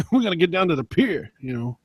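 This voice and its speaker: A man's voice: sits high, big pitch swings, brisk, slightly rough, no room sound, voice pushed up, heavily acted. A man putting on a pushy New tough guy. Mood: brash. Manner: loud and cursing, exaggerated. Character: brash male New York tough guy.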